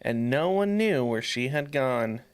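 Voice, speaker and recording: A man's voice: mid-range voice, lively intonation, measured pace, smooth. A man co-hosting a podcast, reading a folk tale aloud and breaking off playfully to joke. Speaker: podcast co-host.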